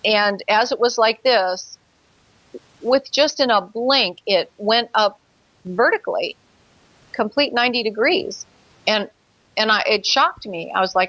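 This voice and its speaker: A woman's voice: medium pitch, unhurried, pauses often, a bit bright, no room sound, highs cut off. A woman telling her own experience as a guest in an interview, earnest, acting out her past thoughts. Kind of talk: personal account in an interview.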